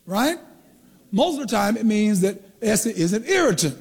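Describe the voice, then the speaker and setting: A man's voice: high-pitched, sing-song, moderate pace, vocal fry, breathy edge, long reverb tail. A man preaching a teaching sermon, who asks the congregation questions and draws out the key words. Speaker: pastor.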